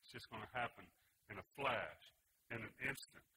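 A pastor preaching a sermon, earnest and emphatic, with slow deliberate pauses and rhetorical questions to his congregation. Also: mid-range voice, pushed and bright, slight background noise, low-quality recording.

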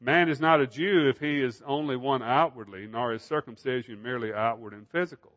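A man's voice: medium pitch, a little fast, a bit bright, muffled recording. A man preaching a Bible study sermon in an emphatic style, asking rhetorical questions.

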